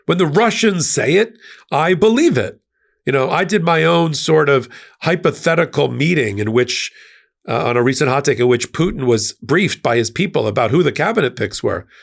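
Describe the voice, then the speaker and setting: A man's voice: lively intonation, normal speed, creaky. A man hosting a political commentary channel, speaking emphatically and scornfully in a monologue. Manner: emphatic, scornful, sweeping pitch jumps. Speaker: host of a legal-political channel.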